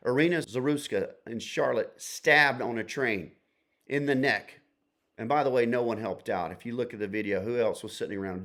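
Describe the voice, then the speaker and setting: Guy doing a heated solo podcast monologue, punchy lists, middle pitch. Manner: emphatic, rhetorical questions, lists. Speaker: podcast host. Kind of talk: opinion monologue.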